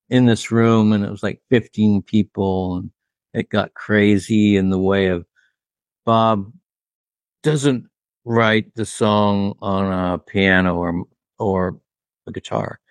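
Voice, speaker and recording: Man, recording engineer, low voice, rambling anecdotal storyteller, dry and close. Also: fairly even intonation, slow, no room sound. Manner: rambling, full of "like" and restarts.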